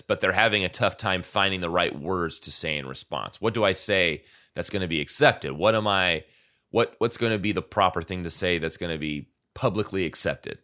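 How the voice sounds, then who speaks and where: A podcast co-host with a low voice that has a bright, forceful edge discusses song lyrics in a relaxed, casual way. He reads lines aloud and then unpacks their meaning thoughtfully, with lots of fillers and restarts.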